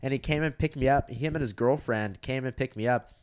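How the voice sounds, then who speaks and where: A man's voice: mid-range voice, a little fast, slight background noise. A young man on a podcast telling rambling, profane stories in casual chat, full of fillers. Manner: profane, rambling, lots of 'like'. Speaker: podcast co-host, comedian.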